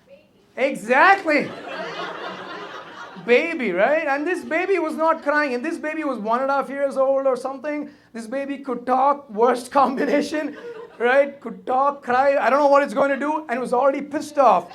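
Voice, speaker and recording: Guy doing standup, kinda high voice, tells it like a story n keeps saying right?. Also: normal speed, fairly bright tone. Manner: tags lines with a questioning "right?". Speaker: stand-up comedian.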